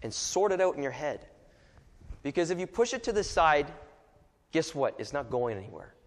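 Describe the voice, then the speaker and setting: A man's voice: on the high side, very animated, normal speed, big-room sound. A man preaching a sermon in a casual, joking way, acting out little asides and voices as he goes.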